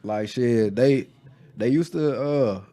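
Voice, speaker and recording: A man's voice: mid-range voice, mellow. Drawling young Southern man, Texas accent. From Dallas, Texas. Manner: slow drawling storyteller, laughs often. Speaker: rapper, interview guest. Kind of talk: casual conversational interview.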